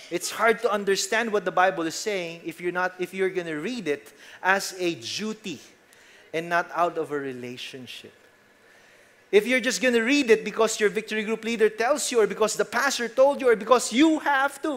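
A young man with a Filipino accent preaching a sermon earnestly, shifting emphasis and trailing off softly at the ends of phrases. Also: high voice. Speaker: pastor.

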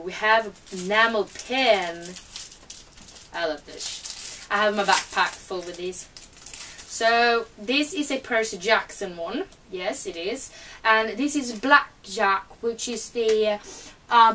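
Higher-voiced woman with a cold. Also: fairly bright tone, recorded from a distance, a little hiss or hum, poor audio. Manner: chatty and eager, many fillers. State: has a cold. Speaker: book vlogger. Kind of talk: casual unboxing chat.

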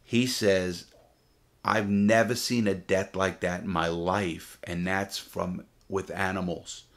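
A middle-aged man with a low voice tells a story from his time in prison. He speaks bluntly and profanely, in a loose, casual way. He hammers his points home by repeating them. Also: fairly even intonation, slow. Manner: blunt, profane, emphatic retelling with repeated phrases.

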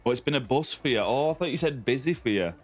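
With faint music behind him, an Australian man talks fast and expressively in a mid-range voice while live-streaming a game. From his ring-lit home streaming setup, he chats casually, greeting viewers by name and calling them mate and buddy.

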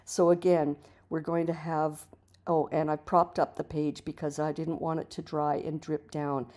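A woman art teacher narrating a relaxed painting tutorial, chatty and encouraging as she explains each step. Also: low-pitched, moderate pace. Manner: chatty and encouraging, with frequent restarts.

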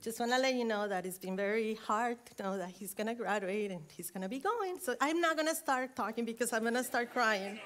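A middle-aged woman, preaching a sermon in a church, warm and emotional, building to fervent exhortation. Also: fairly high pitch, animated, a little fast, hardly any pauses. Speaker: guest preacher. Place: church sanctuary. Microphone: earring interfering with mic, handheld or headset.

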